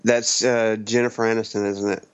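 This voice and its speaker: A man's voice: fairly low pitch, little pitch movement, brisk, clean tone, dull audio. A man on a casual podcast, joking playfully through a movie quiz. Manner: playful, jokey. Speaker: podcast panelist.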